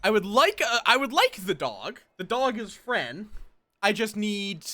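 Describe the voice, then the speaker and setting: A man's voice: high-pitched, very animated, unhurried, sharp tone, dry recording. A tired man streaming a game, muttering to himself and thinking aloud as he plays. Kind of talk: casual gameplay commentary.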